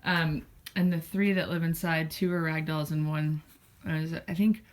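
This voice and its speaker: A woman's voice: low-pitched, fairly even intonation, a little slow. A woman hosting a casual cat vlog at home, chatty and rambling with lots of fillers, a little out of breath. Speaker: cat blog host. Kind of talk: casual vlog talking to her cats and viewers. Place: indoors at home.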